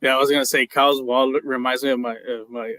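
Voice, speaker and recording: A man's voice: medium pitch, little pitch movement, quick pace, sharp tone, no echo. Easygoing man co-hosting a podcast. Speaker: podcast co-host. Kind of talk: casual podcast chat.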